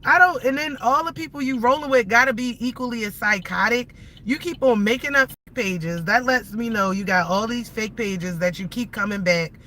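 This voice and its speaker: A woman in her thirties, a livestreamer, rants angrily and curses at viewers from inside her moving car, with faint car noise in the background. Her voice is a little high with a sharp tone, her pace is moderate, and the recording is rough.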